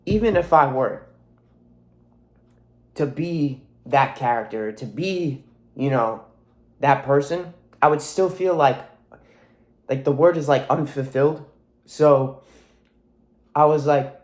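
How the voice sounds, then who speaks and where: A man's voice: fairly high pitch, expressive, unhurried, pauses often. Profane young man with sore throat. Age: 20s. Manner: profane, rambling, emphatic. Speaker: vlogger. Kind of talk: casual monologue to camera.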